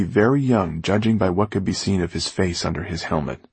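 A man narrating a novel aloud with expressive storytelling. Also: sits low, a little fast, slightly rough, no room sound. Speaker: audiobook narrator. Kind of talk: scripted narration.

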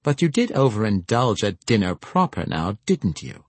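A man's voice: on the low side, lively intonation, normal speed, breathy edge, no echo. A man reading a haughty, falsely sweet noblewoman. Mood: condescending. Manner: cold, condescending.

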